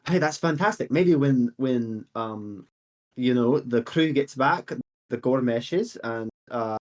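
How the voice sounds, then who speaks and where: A man's voice: mid-range voice, slow pace, voice pushed down, close to an everyday voice. A man voicing an elderly female earth genasi apothecary, rambling and hesitant with many fillers. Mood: chattering.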